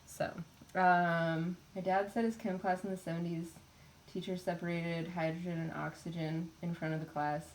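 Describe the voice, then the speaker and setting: A woman's voice: lowish voice, little pitch movement, normal speed, slight background noise. Chatty woman teaching chem class, loose and informal, says like a lot. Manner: chatty, frequent "like" and laughing asides. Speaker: college chemistry instructor. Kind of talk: casual classroom lecture. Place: college chemistry classroom.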